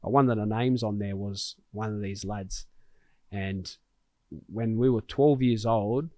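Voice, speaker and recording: A man's voice: fairly low pitch, a little slow, a little mellow, no echo. A man hosting a podcast, telling a personal story in an earnest, heartfelt way with frequent restarts. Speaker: podcast host. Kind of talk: conversational storytelling.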